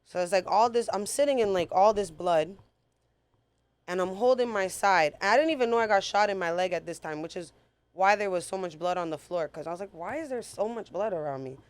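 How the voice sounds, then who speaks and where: A woman with a clear, resonant mid-range voice tells her story a little fast as a guest in a casual storytelling interview. She's blunt and profane, and her retelling is animated.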